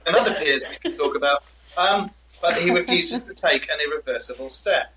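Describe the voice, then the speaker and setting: A man's voice: on the high side, lively intonation, fairly quick, pushed and bright, slight background noise, poor audio. A man co-hosting a folklore podcast, chatting casually and retelling legends with frequent laughter. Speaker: podcast co-host. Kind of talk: casual chat about folklore.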